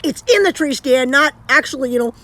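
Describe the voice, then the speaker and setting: A Canadian woman with a slightly high voice chats on a live stream, rambling loosely and often restarting her thoughts. She talks straight into her phone from home. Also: a little fast, fairly bright tone. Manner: rambling, chatty, with frequent restarts. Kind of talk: casual live-stream chat.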